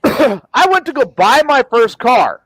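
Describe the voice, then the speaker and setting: A man with a notably high voice spins a rowdy, swear-filled yarn, laughing along as he goes. The sound is close and dry, with no room around it. He sounds like a regular on a casual talk show. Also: sing-song, takes it slowly, a bit bright, husky, no echo, low-quality recording. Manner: profane, rambling storyteller who laughs at his own stories. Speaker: podcast host. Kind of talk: casual storytelling chat.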